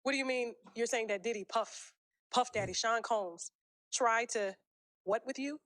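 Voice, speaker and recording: A woman's voice: on the high side, normal speed, a bit bright. A woman hosting a casual interview, asking blunt and profane questions. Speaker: interview host.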